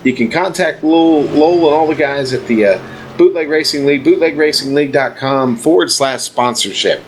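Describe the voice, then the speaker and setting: A man commentates a sim racing broadcast in a laid-back, chatty manner, leaning heavily on fillers like "uh" and "you know." His voice is on the high side and a little fast. The recording has a faint hiss and faint background noise.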